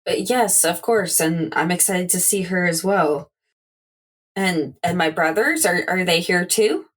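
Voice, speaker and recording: A woman's voice: lowish voice, animated, measured pace. A woman playing a tabletop game, speaking earnestly as her character. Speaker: player.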